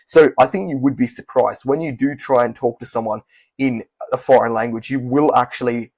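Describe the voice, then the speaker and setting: Brief: young guy, casual vlog advice, quick and rambling, husky tone, dry close mic. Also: mid-range voice, fairly even intonation, a little mellow, no echo. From Australia. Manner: fast, rambling, candid with self-corrections. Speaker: language learning YouTuber.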